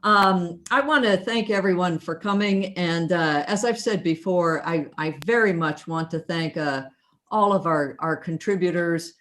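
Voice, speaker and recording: A woman hosting a theater show gives closing thanks and announcements, stopping often on fillers. Her voice sits on the low side. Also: a bit bright. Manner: halting, filler-heavy thanks. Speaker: theater host.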